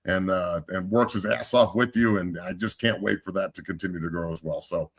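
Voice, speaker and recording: A man's voice: low-pitched, steady tone, a little fast. A middle-aged man hosting a podcast and coaching football, telling stories bluntly with plenty of swearing and giving heartfelt praise. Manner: blunt, profane storyteller. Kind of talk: casual chat.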